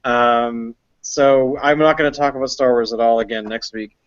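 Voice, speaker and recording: A man's voice: medium pitch, fairly even intonation, normal speed, muffled recording. A man hosting a casual beer podcast, rambling along with lots of ums and uhs. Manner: rambling with many fillers. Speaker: podcast host. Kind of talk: casual chat.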